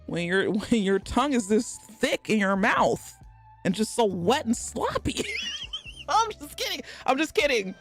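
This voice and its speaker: Lively lisping Texan woman streamer. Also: mid-range voice. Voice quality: slight lisp. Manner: laughs often, talks back to chat. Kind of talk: casual live-stream chat.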